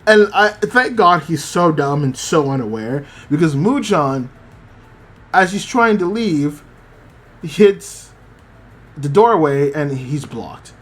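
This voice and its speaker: A man's voice: fairly high pitch, animated, slow pace, fairly bright tone. A man hosting a podcast, casually recapping an anime episode, rambling with many fillers. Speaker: podcast host.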